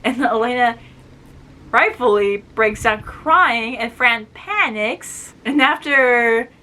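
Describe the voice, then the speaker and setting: A woman reviewing a book, casually retelling the plot and acting out the characters' lines with quick voice shifts. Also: on the high side, bright, forceful tone. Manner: chatty, acts out quoted lines with quick voice shifts.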